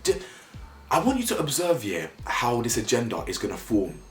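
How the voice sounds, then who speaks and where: A young man with giving opinionated vlog commentary, getting worked up so his voice leaps high when he is indignant. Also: wildly swooping pitch, normal speed. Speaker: YouTube commentator. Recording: roomy echo, faint music behind.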